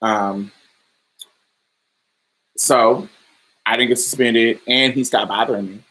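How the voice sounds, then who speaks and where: Speaking slowly with a steady, medium-pitched, somewhat bright voice, a man from Indiana shares personal stories on his podcast. He keeps it casual and chatty, laughs a lot, and addresses the listener as "baby."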